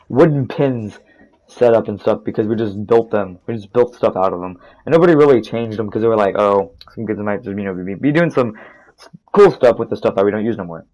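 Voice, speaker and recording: A man's voice: lowish voice, darkish tone, dull audio. A teenage boy telling a rambling, profane story over gameplay, restarting his sentences often. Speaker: gaming storytime narrator.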